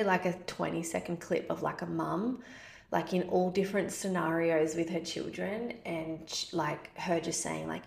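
Aussie woman host, 30s, casual advice talk, low-ish fried voice, roomy sound. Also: creaky, darkish tone. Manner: chatty, many "like" fillers, acts out parent-child exchanges. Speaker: podcast host answering a listener question.

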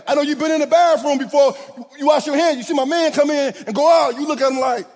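A man preaching a sermon, swinging from loud shouted points to hushed asides. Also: very high voice, fast talker. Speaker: pastor. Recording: long hall reverb.

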